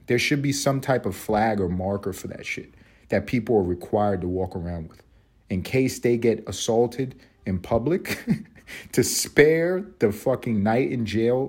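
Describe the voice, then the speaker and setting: Husky-voiced man ranting on his podcast. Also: fairly low pitch, moderate pace, a little mellow. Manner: profane, mocking, laughs often. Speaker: podcast host. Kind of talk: ranting commentary monologue.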